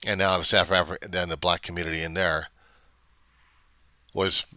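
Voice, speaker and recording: A man's voice: sits low, level tone, normal speed, sharp tone, dry recording. An older man, a reverend, ranting in a rambling, indignant way and swearing often. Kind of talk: casual rant on camera.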